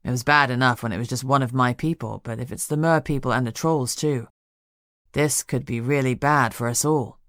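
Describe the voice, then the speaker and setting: A woman narrator voicing a calm, immortal male dragon shifter who speaks in a measured, even way. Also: rumbling low, no echo, studio quality, voice pushed down.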